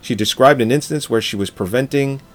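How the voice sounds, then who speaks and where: A man's voice: medium pitch, a little fast. A man co-hosting a casual film chat podcast, joking and swearing, often laughing. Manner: jokey, swears, laughs often, reads article aloud. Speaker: podcast co-host.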